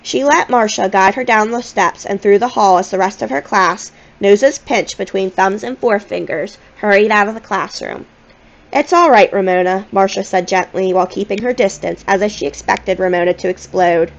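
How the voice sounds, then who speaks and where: A woman reading a children's novel aloud in a gentle, expressive storytelling manner. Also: medium pitch, normal speed, creaky, hardly any pauses, lo-fi sound. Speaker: audiobook reader.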